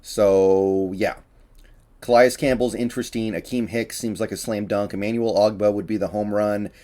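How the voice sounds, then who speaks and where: Male sports commentator, casual solo talk, lowish voice, slightly winded, opinionated. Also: steady tone, normal speed, warm tone. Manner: chatty, opinionated, with frequent fillers and restarts. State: a little out of breath.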